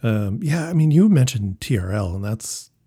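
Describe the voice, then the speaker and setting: A man with a slightly raspy voice, co-hosting a casual podcast chat and laughing easily. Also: on the low side, very animated, normal speed, mellow. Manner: laid-back, laughs easily. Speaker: podcast co-host.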